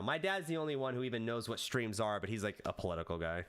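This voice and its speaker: A man on a casual live stream with a very animated, wide-ranging voice. He chats loosely with his viewers and tries out lines for a video in bursts of high excitement. Between those bursts he drops into quiet, low muttering. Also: fast talker, clear, resonant tone. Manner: rehearses video lines aloud. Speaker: VTuber streamer.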